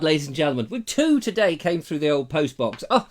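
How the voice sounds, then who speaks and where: A man's voice: fairly high pitch, big pitch swings, brisk. A man from England hosting a live stream, chatting in a jokey, rambling, theatrical way on a lapel mic. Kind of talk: casual live chat.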